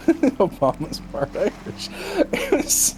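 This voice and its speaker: A man's voice: extremely high pitch, slight background noise. A man co-hosting a stream, telling stories in casual chat and laughing often. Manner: animated storytelling, laughs often. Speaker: streamer and podcast co-host.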